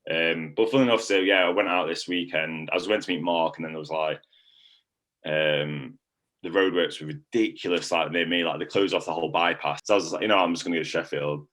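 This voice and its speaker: A man's voice: low voice, fairly even intonation, brisk, a bit bright. A young man, chatting casually in a testimonial and rambling with lots of filler words. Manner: rambling, heavy use of "like" fillers. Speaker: coaching client.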